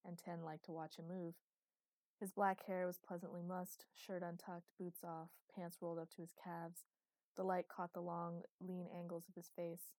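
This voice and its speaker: A woman narrating a science-fiction story in a steady storytelling manner. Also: on the low side, moderate pace, no echo. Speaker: audiobook narrator. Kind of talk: scripted narration.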